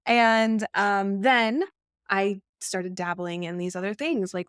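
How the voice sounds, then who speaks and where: A woman speaks in casual conversation as a podcast guest and tells stories from her own business with lively candour. Her voice sits mid-range for a woman. The sound is dry and close, with no room around it. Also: mid-range voice, slow pace, smooth, no echo. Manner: lively, candid storytelling. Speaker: podcast guest, marketing agency owner.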